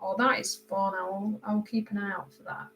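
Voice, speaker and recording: While she colors on a relaxed live stream, a woman from Britain greets viewers by name and responds to what they write, her voice frequently drifting lower as she concentrates. She speaks at normal speed with a level tone in a mid-range voice. There's a little hiss or hum on the rough recording.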